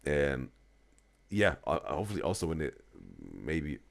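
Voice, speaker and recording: Low-voiced man giving advice. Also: expressive, measured pace, gravelly. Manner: gives earnest advice, keeps adding "right?" and "bro". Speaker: reaction stream host. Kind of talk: live reaction commentary.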